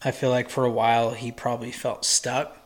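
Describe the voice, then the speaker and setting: A man with an ordinary mid-range voice talks through his thoughts on a casual podcast. He hesitates, restarts and fills pauses as he goes. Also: mid-range voice, flat delivery. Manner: hesitant, rambling, many ums and restarts. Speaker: podcast co-host. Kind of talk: casual chat.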